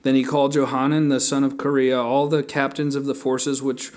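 A man leading a casual sermon-style Bible study, thinking aloud with fillers and restarts and reading scripture aloud slowly. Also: mid-range voice, little pitch movement, darkish tone. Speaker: Bible teacher.

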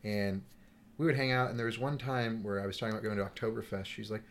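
Young dude guesting on a podcast, lowish voice, gets hyped and swears, tells stories. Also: male voice, fast, slight background noise. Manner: excitable, swears freely, mimics himself in quotes. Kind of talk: casual chat.

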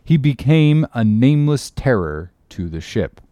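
A man narrates an old novel with a lively, rising and falling pitch and a measured pace. The recording is dry and close, with no room sound. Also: no room sound. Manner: measured, expressive storytelling. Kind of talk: audiobook reading of a classic novel.

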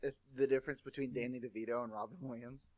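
A man's voice: mid-range voice, steady tone, fast talker, no room sound. A man co-hosting a podcast, teasing and swearing as he retells scenes in casual chat.

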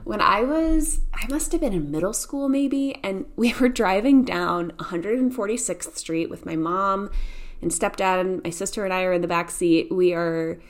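A woman's voice: medium pitch, normal speed. Chatty Indiana woman hosting a podcast. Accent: Indiana Midwestern. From Indiana, USA. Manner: chatty, storytelling, laughs often. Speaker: podcast host. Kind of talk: casual solo podcast talk.

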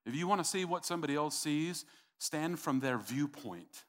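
A man's voice: a little high, lively intonation, moderate pace, fairly bright tone. Emphatic preaching man, middle-aged. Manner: emphatic, repetitive preaching with calls to the congregation. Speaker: pastor. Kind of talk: sermon.

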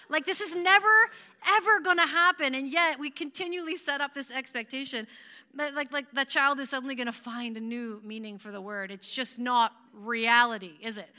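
A Canadian woman preaching a sermon to her church, chatty and animated and often laughing. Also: high-pitched, a little fast. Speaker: pastor.

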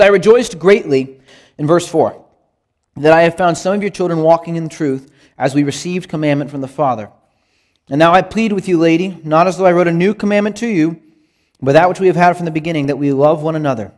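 Teaching Bible study, a man on the high side of the pitch range speaks earnestly and emphatically in a conversational sermon manner. Scripture quotations bring lively upward rises to his voice.

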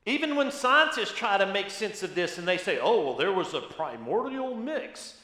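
A man's voice: high voice, big pitch swings, moderate pace, sharp tone, reverberant. A man preaching a sermon as pastor, teaching with emphasis and asking rhetorical questions.

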